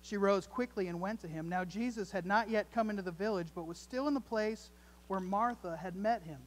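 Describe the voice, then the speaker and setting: A male pastor preaching a sermon, reading scripture aloud, with dramatic rises and soft drops. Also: high-pitched, a little fast. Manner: reads scripture aloud and repeats words.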